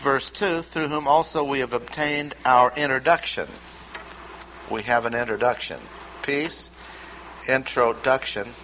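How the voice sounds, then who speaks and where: A man giving an expository Bible lesson in a measured, emphatic way, repeating key words as he lists points. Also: medium pitch. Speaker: Bible teacher. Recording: dull lo-fi recording with faint noise.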